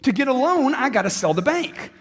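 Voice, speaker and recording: A man's voice: very high voice, big pitch swings, fairly quick, breathy edge. A man giving an emphatic motivational stage speech, repeating lines for effect and firing questions at the crowd. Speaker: motivational speaker. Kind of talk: live stage speech to an audience. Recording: long hall reverb.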